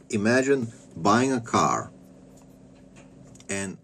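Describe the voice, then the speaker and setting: A man's voice: fairly low pitch, gravelly, husky. A man in his thirties from Bulgaria, ranting casually in a crude, rambling way with stammered repeats. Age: 30s. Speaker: vlogger. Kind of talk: casual rant.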